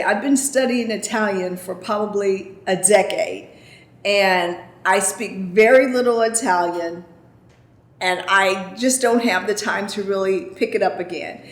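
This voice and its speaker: A woman's voice: mid-range voice, reverberant. A woman vlogger answering viewer questions in casual chat, chatty and emphatic, often checking in with "okay?". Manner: chatty, emphatic, repeats "I kid you not" and "okay?".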